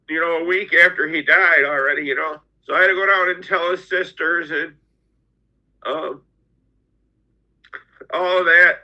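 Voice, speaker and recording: A middle-aged man telling his own story as a podcast guest, halting and often repeating his words. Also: on the high side, bright, forceful tone. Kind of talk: personal storytelling. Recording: dull lo-fi audio.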